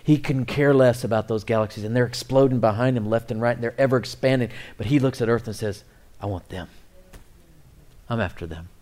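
A middle-aged man preaching a sermon, swinging between loud, excited appeals and quiet, near-whispered asides. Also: mid-range voice, quick pace, hardly any pauses. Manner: animated preaching, rising and dropping to near whispers. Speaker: pastor.

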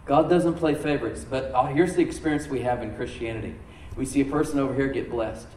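Man, pastor, sermon, emphatic slowed-down stress, roomy echo, faint background hum. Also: mid-range voice, a little mellow, far from the mic. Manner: emphatic preaching, slows down to stress key words. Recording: echoey room, from off mic.

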